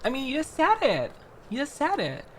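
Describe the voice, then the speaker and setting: A young woman from Florida, chatting casually on a livestream while building a model kit, animated and quick to laugh, with frequent restarts. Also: high voice, a little hiss or hum. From Florida, United States. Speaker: streamer.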